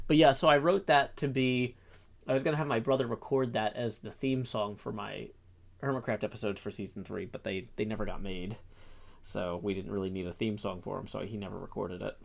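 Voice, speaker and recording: A middle-aged streamer and host chats casually on a stream, rambling with lots of fillers and restarts. His voice is fairly low, creaky and brisk.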